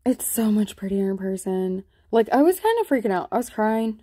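A spiritual vlogger casually rambles to her viewers while walking through her sky photos, giggling often and trailing off mid-thought. Her mid-range voice is dark-toned with a breathy edge, lively intonation and normal speed.

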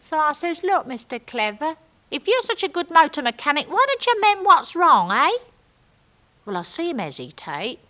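A chatty young girl. She rambles along in ungrammatical gossip, and her bright voice leaps up and down. The whole piece is a comic stage monologue. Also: a little high, sing-song, moderate pace, few pauses. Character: chatty working-class young London woman.

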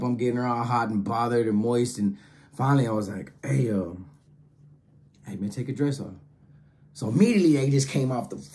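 A man telling a casual story in slangy, animated talk, acting out the other voices. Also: medium pitch. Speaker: storyteller host.

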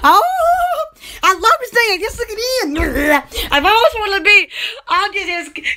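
A woman hosting a casual live stream for her online shop, excitable and giggly, with frequent squeals and exclamations. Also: extremely high pitch, normal speed. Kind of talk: casual live-stream chat and product selling.

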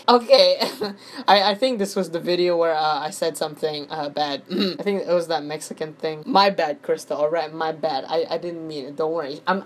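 A man's voice: on the high side, a bit bright. A young man vlogging in a casual, joking way, swearing constantly and mocking himself, often stumbling over repeated words. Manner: profane, self-mocking, stammering restarts. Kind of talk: casual comedic vlog chat.

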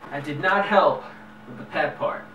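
A man's voice: fairly high pitch, normal speed, lo-fi sound, very noisy. A young man vlogging at home into his camera, rambling through sarcastic asides and joking tangents. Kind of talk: comedic vlog monologue.

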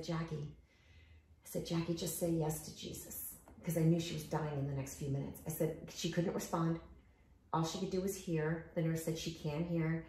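Out on a walk, this host has a deep voice and chats casually, bringing her stories to life by performing the voices of those involved. The recording carries an echoey, room-like quality.

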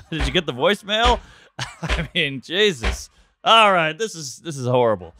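A man's voice: fairly high pitch, very animated, moderate pace, noisy background. A man hosting a podcast who reacts with short interjections and wisecracks during casual chat. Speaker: podcast host.

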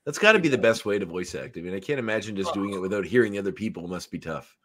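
A man's voice: sits low, lively intonation, rapid-fire, a bit bright. A man hosting a podcast interview, asking questions in an eager, encouraging way. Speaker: podcast host. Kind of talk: casual interview chat.

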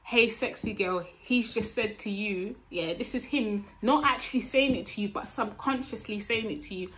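A young woman with an East London accent and a slightly high voice gives dating advice in a casual vlog at normal speed. She's animated, acting out both sides of chat-up lines with plenty of street slang and tags like "you get me?", though the recording quality is low.

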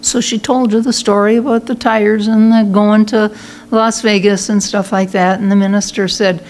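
A woman's voice: medium pitch, steady tone, normal speed. A woman minister giving a conversational Sunday talk in a church, telling a story with fillers and restarts. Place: church sanctuary.

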